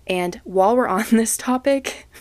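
Recording from home while other people come and go, a young woman hosts a casual solo podcast. Her voice is on the high side, measured and a little mellow, with no echo, as she vents frankly and self-deprecatingly, swearing and laughing.

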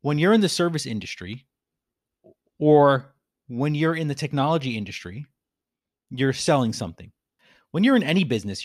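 A man's voice: medium pitch, dry recording, clean studio sound. A man hosting a reflective business talk, speaking earnestly and repeating phrases for emphasis. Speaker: podcast host.

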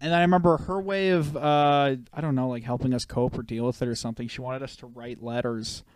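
A man's voice: medium pitch, steady tone, fairly quick, a little mellow, smooth. A man in his thirties from Canada, co-hosting a podcast and telling long rambling stories full of swearing. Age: 30s. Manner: rambling, swears a lot, storytelling. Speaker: podcast co-host. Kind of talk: casual chat.

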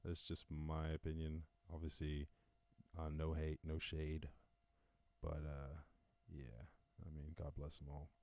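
During lockdown, an Irish-accented podcast host streams casually from home, reading the news, riffing, swearing without restraint, and laughing at his own jokes. His very deep, darkish voice is monotone and unhurried, with no echo.

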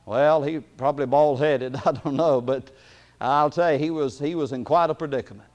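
A man preaching a sermon in a folksy way, chuckling often and hesitating with fillers, then rising into loud emphatic bursts. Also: a little high, normal speed, lo-fi sound.

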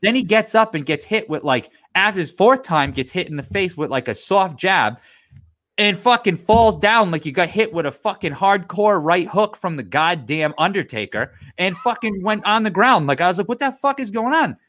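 Animated, profane man ranting, pitch jumping. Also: normal speed. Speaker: podcast co-host. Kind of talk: casual chat.

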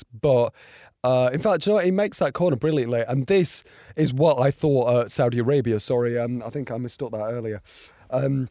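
A young man with a hoarse, strained voice, talking through a race in a casual, excitable and rambling way, full of fillers and restarts. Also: mid-range voice, no echo, clean studio sound. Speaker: motorsport video creator. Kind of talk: casual reaction and race breakdown.

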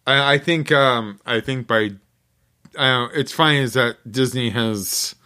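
A man's voice: mid-range voice, measured pace, sharp tone, clean tone. A man chatting casually as a podcast co-host, laid-back and hesitant, often restarting his sentences.

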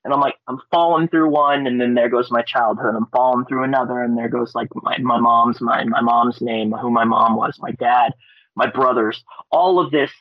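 A man from Alaska, a guest on a podcast, telling a story in a rambling, excitable way, swearing and restarting his words. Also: mid-range voice, normal speed, no room sound. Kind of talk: casual storytelling. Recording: dry, dull lo-fi audio.

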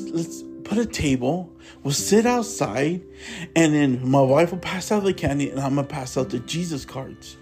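A man's voice: fairly high pitch, a little mellow. A man hosting a religious podcast who talks earnestly and fervently, repeats himself, and calls his listeners brothers and sisters. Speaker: podcast host. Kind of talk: informal religious podcast monologue.

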